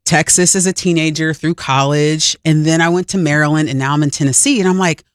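Brief: lively woman, low-ish voice, dry close sound, casual podcast chat, acts out quotes. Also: brisk, dry recording. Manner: animated, acts out quotes with big pitch jumps.

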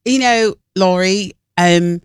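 A woman's voice: medium pitch, takes it slowly, clear, resonant tone, no echo, studio quality, lightly acted. A woman voicing a put-on English gal, drawing out her words in a mock English accent. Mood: playful.

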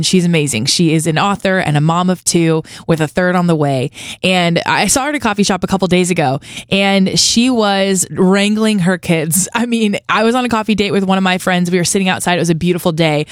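A woman's voice: on the low side, no echo, clean studio sound. A woman radio host sharing a personal story in a chatty, casual devotional talk, often saying "like".

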